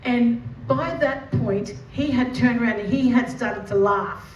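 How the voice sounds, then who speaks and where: An animated Australian woman tells a personal story with lively, vivid delivery. She sounds a little far from the mic in a roomy space, with a faint hiss of noise underneath. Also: a little high, unhurried. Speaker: educator and mother.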